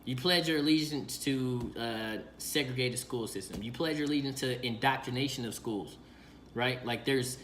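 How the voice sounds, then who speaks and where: A man delivering a casual, emphatic rant, heavy on slang and rhetorical questions. His voice sits at an ordinary middle pitch. The room is echoey, with a faint hiss behind him. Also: normal speed, fairly bright tone.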